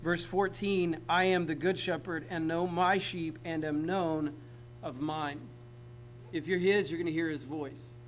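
Conversational man preaching, slightly high voice. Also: steady tone, measured pace, slight background noise, low-quality recording. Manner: conversational, talks straight to the congregation. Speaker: pastor. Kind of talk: sermon.

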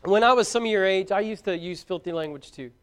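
A fervent high-pitched male preacher. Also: fast, clear, resonant tone. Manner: fervent, shouting out exhortations. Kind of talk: sermon.

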